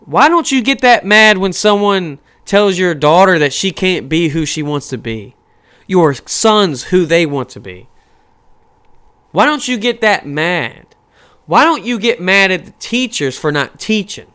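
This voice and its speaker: Animated, profane man ranting. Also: high voice, a little slow, clean tone. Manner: profane, animated, rhetorical questions. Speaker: podcast host. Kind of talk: casual rant.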